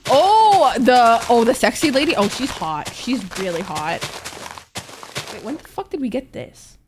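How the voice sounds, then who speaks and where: A woman's voice: medium pitch, sing-song, moderate pace, background noise. A woman live-streaming a game and chatting with viewers, gushing and teary, swearing freely as she thanks them. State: teary, crying. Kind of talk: casual live-stream chat. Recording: music playing behind. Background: background music.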